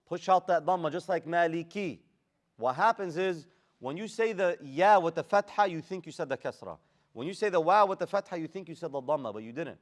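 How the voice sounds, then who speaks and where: In a classroom full of students, a man with a slightly high voice teaches Quran recitation at a brisk clip. He alternates between chanting Arabic verses and explaining them in casual, slangy English.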